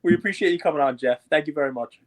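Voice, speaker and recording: A man's voice: a little high, very fast, no room sound. A man hosting a podcast, joking with his guest and talking enthusiastically. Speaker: podcast host. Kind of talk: casual chat.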